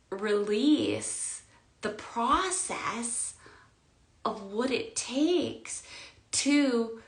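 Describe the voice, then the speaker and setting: A woman giving an emotional spiritual monologue, swinging between loud outbursts and quiet murmurs, near tears. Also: medium pitch, roomy sound. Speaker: spiritual vlogger.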